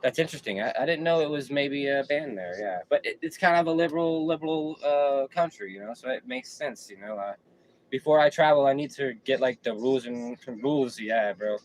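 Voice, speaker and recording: Casting: male streamer, laid-back and slangy, mid pitch, faint background noise. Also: fairly quick, rough recording. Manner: slangy, laid-back, repeats himself while reading chat. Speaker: livestream host. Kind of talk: casual live-stream chat.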